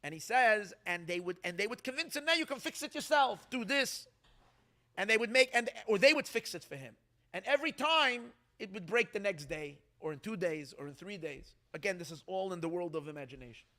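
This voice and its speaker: A man, a rabbi, telling stories at a gathering in an animated, halting way, with many restarts. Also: sits high. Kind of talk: storytelling talk.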